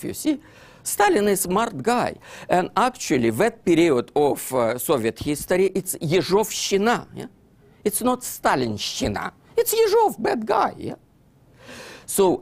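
A man's voice: high voice, vocal fry, a little mellow. A man with a Russian accent, Russian as his first language, giving a lecture over slides in broken English with many "you see" fillers. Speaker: author giving a book talk. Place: lecture hall.

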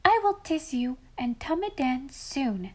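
A woman doing a soft, lisping little girl. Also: high voice, very animated, a little slow, voice pushed up. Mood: tender. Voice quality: baby talk lisp.

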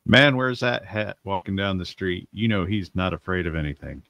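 A male player chats with the group in a very low, gravelly voice. He speaks in short, dry replies, close and without room sound. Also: lively intonation, normal speed, no room sound, dull audio. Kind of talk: casual chat while planning a tabletop game.

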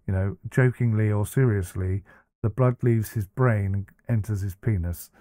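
A man's voice: lowish voice, moderate pace, warm tone, no echo, clean studio sound. A man hosting a reaction commentary, talking bluntly and casually with many fillers and restarts. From United Kingdom. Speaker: commentary host.

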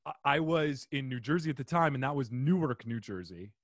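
A man's voice: mid-range voice, lively intonation, fairly quick, no echo, clean studio sound. A man hosting a casual interview, telling stories animatedly and slipping into silly voices. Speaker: host.

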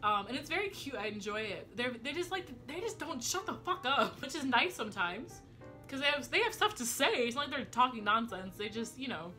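Young woman vlogger, quick rambling casual delivery, slight speech impediment, bright voice. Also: fairly high pitch, sing-song, soft background music. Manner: very fast, rambling, lots of swearing and fillers. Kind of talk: casual chat to camera. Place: home room.

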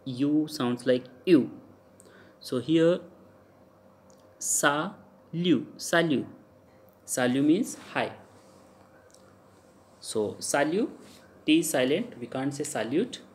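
A man's voice: medium pitch, expressive, takes it slowly, long pauses, darkish tone. A man with an Indian English accent teaching French pronunciation in a recorded lecture. He repeats each example sound several times and hesitates with fillers.

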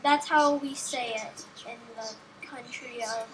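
A woman's voice: fairly high pitch, fairly even intonation, slow pace, poor audio. A woman giving casual, rambling gameplay commentary, talking to herself and joking as she plays. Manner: rambling, self-talking, jokey.

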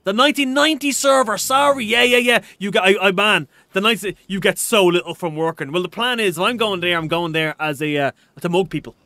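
A man's voice: high voice, brisk, few pauses, pushed and bright, no echo. An Irish man chatting casually while streaming a game, reading out viewer comments in a rambling, restart-prone way.

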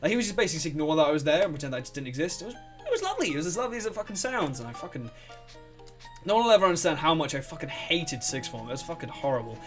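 A young man commentating a game, rambling and excitable, swearing freely. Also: fairly high pitch, very fast, soft background music. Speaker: let's play host. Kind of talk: gameplay commentary.

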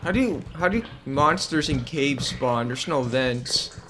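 A man's voice: medium pitch, measured pace, over music. A man playing a co-op video game with friends in casual chat, yelping when startled and cooing baby-talk at a creature. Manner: excitable, yelps and baby-talk. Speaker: gamer.

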